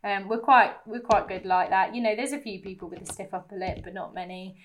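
A woman's voice: medium pitch, a little fast, slight background noise. A young British woman co-hosting a podcast, rambling casually with many "um"s and "yeah"s. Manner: relaxed and rambling, frequent "um" and "yeah". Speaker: podcast co-host. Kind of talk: casual chat.

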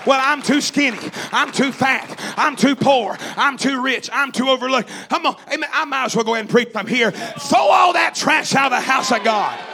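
Man, fervent preacher, very high voice, shouting, repetitive cadence, church sermon. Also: moderate pace, hardly any pauses, a faint crowd, slight background noise. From East Tennessee.

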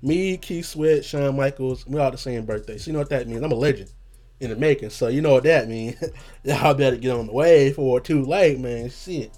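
A man's voice: mid-range voice, normal speed, mellow. A young man hosting a podcast in casual chat, rambling in slang, swearing freely and trailing off as he hunts for words. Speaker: podcast host.

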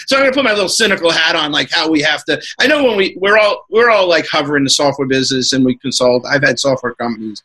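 Bright-voiced rambling man on a podcast. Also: a little high, expressive, brisk, poor audio. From New York. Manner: rambling, filler-heavy, laughing asides. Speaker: podcast guest. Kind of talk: casual podcast chat.

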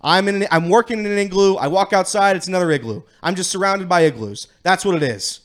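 A man's voice: sits high, fast. A man from the Cincinnati area doing a rambling, self-mocking comedic weather segment.

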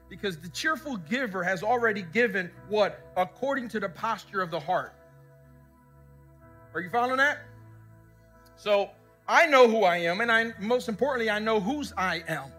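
Bright high-voiced male pastor preaching. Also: animated, moderate pace, faint music behind. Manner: storytelling, call-and-response questions to the congregation. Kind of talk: sermon. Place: church service before a congregation.

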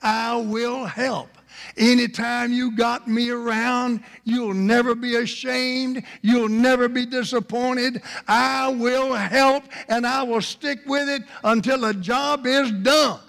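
A man's voice: very high-pitched, takes it slowly, creaky, voice pushed up, full character voice. A man preaching, voicing Love as an earnest, loyal male figure who makes eager promises. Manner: earnest promising, excited shouting. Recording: reverberant hall.

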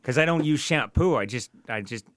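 A man's voice: medium pitch, expressive, brisk, fairly bright tone, dry recording. A man co-hosting a podcast, telling stories in a casual, profane, ranting way. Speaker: podcast co-host. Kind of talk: casual chat.

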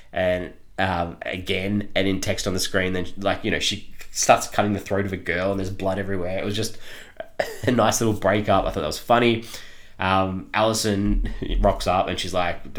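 A man's voice: low-pitched, steady tone, moderate pace. A man co-hosting a podcast, reviewing a film in casual chat, rambling with lots of ums and frequent laughter. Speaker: podcast co-host reviewing films.

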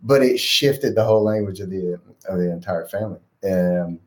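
A man's voice: deep voice, moderate pace. A man, a life coach guest on a podcast, talking earnestly about raising his kids. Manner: earnest, reflective, soft-spoken asides. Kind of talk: casual interview.

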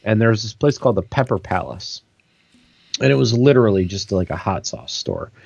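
Rambling man with a low, dull voice. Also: very animated, a little fast, creaky, darkish tone, husky, dry recording. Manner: rambling storyteller, many fillers. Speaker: podcast co-host. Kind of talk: casual chat.

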